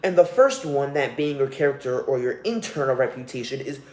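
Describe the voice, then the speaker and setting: A man's voice: mid-range voice, animated, fairly quick. A young man hosting a solo podcast, ranting with profanity and scorn. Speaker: podcast host. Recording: roomy echo.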